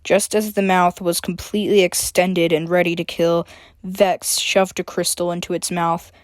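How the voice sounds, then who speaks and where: A woman reads her own story aloud, with a chatty, filler-laced introduction before she settles into plain narration. Her voice sits a little low. The sound is dry and close. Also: level tone, normal speed, no echo.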